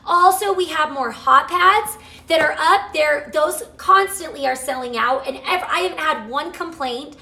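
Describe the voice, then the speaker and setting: Gushy woman chatting live to viewers from her kitchen, bright tense voice, echoey room. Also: high-pitched, a little slow. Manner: excitable and gushing, reads out viewer comments. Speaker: cooking show host selling products. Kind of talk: live casual chat to viewers. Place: home kitchen. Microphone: camera mic, moves off camera at times.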